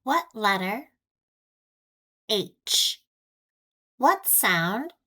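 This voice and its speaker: Very slow, deliberate American woman teacher. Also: mid-range voice, very animated, bright, forceful tone. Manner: deliberate, repeats each word with long pauses. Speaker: ESL teacher. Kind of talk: slow, clearly enunciated phonics lesson.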